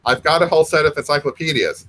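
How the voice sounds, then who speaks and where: A man's voice: on the high side, expressive, fast, a bit bright, rough recording. A spiteful little ogre who taunts and wheedles, sly and menacing, as a man reading his own story puts him on. He needles those around him with a sneer. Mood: wheedling. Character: mean mischievous little male ogre.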